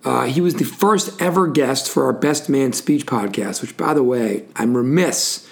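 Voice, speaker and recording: A man's voice: mid-range voice, unhurried, creaky. A man hosting a casual sports podcast, chatty and rambling, with frequent fillers and asides. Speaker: podcast host.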